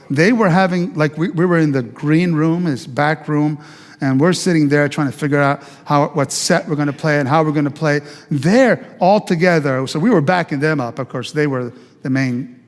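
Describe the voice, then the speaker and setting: A pastor tells his testimony from the pulpit with a man's somewhat high voice. He speaks as an animated storyteller and acts out the voices of people he quotes. His voice rings through the long reverb of a church hall. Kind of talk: sermon testimony. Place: church sanctuary.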